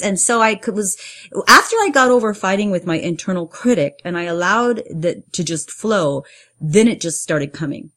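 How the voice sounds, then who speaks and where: A middle-aged woman, a playwright and performer, telling her own story in an earnest way and getting lively when she acts out what people said. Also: lowish voice, moderate pace. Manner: earnest, animated when acting out quotes. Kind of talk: personal storytelling interview.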